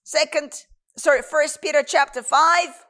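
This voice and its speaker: A woman preaching a sermon and quoting scripture, slow and emphatic. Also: sits high, steady tone, pushed and bright.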